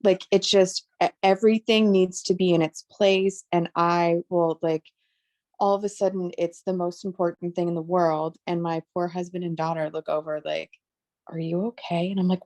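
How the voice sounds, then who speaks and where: A woman's voice: lowish voice, steady tone, normal speed, darkish tone, no echo. A woman calling in to share a personal experience, rambling with many likes and restarts. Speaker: caller sharing an experience. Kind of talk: casual chat.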